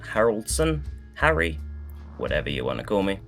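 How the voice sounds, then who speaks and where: A man casting a live esports match, chatting loosely with many fillers while he fills the pauses. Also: low voice, wildly swooping pitch, a bit bright, faint music behind. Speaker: esports caster.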